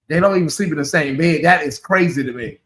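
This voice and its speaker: High bright-voiced sassy man. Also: fast talker. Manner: sassy, chatty, calls listeners honey and y'all. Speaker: channel host. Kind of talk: casual livestream chat.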